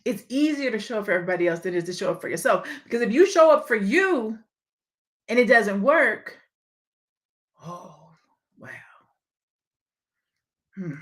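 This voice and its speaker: A woman's voice: medium pitch, lively intonation, moderate pace, long pauses. A woman hosting a live-streamed motivational talk, speaking candidly and reading viewer comments aloud. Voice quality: slight lisp. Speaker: livestream host and speaker.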